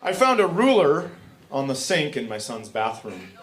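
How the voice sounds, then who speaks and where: A woman's voice: low-pitched, very animated, normal speed, very noisy. A woman doing stand-up comedy, telling stories and acting out family dialogue. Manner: storytelling, acts out family dialogue.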